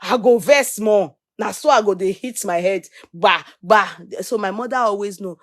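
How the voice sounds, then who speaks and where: A middle-aged Nigerian woman hosting a live stream, reading out viewer comments and shout-outs. She talks in an animated way at a medium pitch and drifts easily into Pidgin and Yoruba. The sound is dry and close, with little room tone. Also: normal speed, dry recording. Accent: Nigerian, Yoruba-influenced English. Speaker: livestream host.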